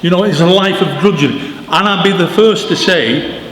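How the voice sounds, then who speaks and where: Animated man speaking in a church. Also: high-pitched, normal speed. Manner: animated storyteller, emphatic, informal asides. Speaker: author giving a book launch talk. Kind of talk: public talk to an audience. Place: church hall. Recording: echoey church with long reverb, faint noise.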